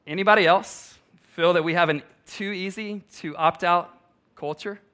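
A man's voice: high voice, moderate pace, pushed and bright. A male pastor preaching a sermon, emphatic, repeating key lines and putting questions to the congregation.

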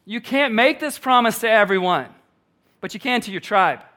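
A man's voice: sits high, animated, moderate pace, pushed and bright. A male pastor preaching a sermon, emphatic, repeating key lines and putting questions to the congregation.

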